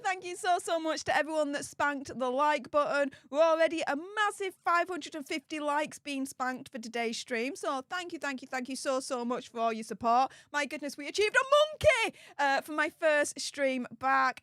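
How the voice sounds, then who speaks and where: A woman's voice: high voice, expressive, normal speed, hardly any pauses, fairly bright tone, dry recording, clean studio sound. A woman hosting a live stream, reading out super chats and thanking viewers over and over in a bubbly way. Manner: bubbly, repeats thanks many times.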